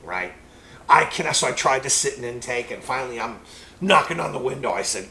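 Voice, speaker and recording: A man preacher gives a personal testimony, rambling and animated as he tells it. His voice has a gravelly edge at an ordinary male pitch. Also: fairly quick, poor audio.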